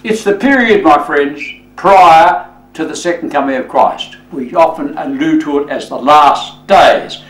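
Man, pastor, sermon, emphatic, fairly high voice, echoey room. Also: fairly bright tone, recorded from a distance. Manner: slow, emphatic preaching with frequent "you see" and "friends".

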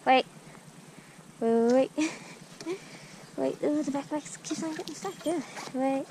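A high-pitched woman calls out short commands and praise to a dog pulling her along a trail outdoors. Her talk between commands is slow and unhurried. Clear outdoor noise runs behind her. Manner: calls out short commands like hike, wait and good girl. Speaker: dog owner on a sulky run. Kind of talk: casual commands to a dog while riding.

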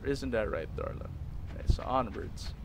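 A young man commentating a video game, excitable and jokey, talking to his character as he plays. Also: medium pitch, moderate pace, slight background noise. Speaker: gaming YouTuber. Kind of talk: let's play commentary.

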